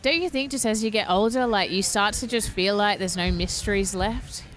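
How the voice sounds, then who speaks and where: A woman's voice: medium pitch, moderate pace, fairly bright tone, slight background noise. A woman chatting casually on a podcast. She talks in loose, rambling sentences full of fillers, restarts and little laughs. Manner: chatty, lots of "like" and "you know".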